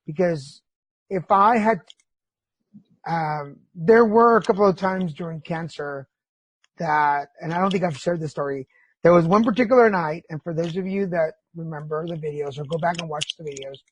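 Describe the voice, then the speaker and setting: A middle-aged man hosts a casual podcast chat with a husky, breathy voice. He tells candid stories with plenty of feeling and swears freely. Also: fairly high pitch, normal speed, no echo. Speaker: podcast host.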